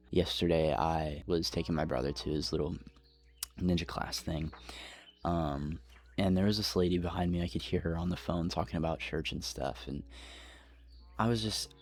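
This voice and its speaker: Earnest young man, deep gravelly voice. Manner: earnest, confessional, with soft pauses. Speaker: Christian vlogger. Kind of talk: personal devotional talk to camera.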